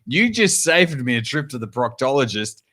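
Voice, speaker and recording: An Australian man hosts a loose, jokey podcast chat and reads out comments from listeners. His pitch swings up and down a lot as he talks. He speaks at a middle pitch for a man. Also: big pitch swings, normal speed, bright, forceful tone. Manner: jokey, chatty, reads viewer comments aloud. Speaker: podcast host. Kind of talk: casual live-stream chat.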